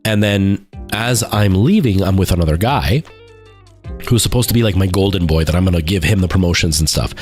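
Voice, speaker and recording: Low-voiced man chatting on a live stream. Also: a little fast, darkish tone, soft background music. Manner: rambling storytelling with many fillers and restarts. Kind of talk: casual chat.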